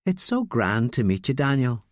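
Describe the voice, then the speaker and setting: A charming young woman, calm but fierce, voiced close and dry by a male narrator. She speaks evenly and firmly. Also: mid-range voice, moderate pace, dry recording, close to an everyday voice. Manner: calm, firm.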